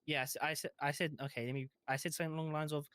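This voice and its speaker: A man's voice: fairly high pitch, level tone, very fast, a bit bright, clear, resonant tone, dry recording. A man playing a police officer in a role-play, telling his account hesitantly with many fillers. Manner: hesitant, lots of ums. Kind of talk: casual role-play chat.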